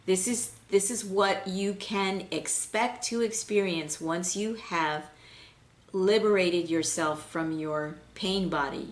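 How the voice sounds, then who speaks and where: A woman giving an unscripted spiritual tarot reading in a gentle, flowing way, pausing with fillers and restarts. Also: on the low side, reverberant. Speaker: intuitive tarot reader.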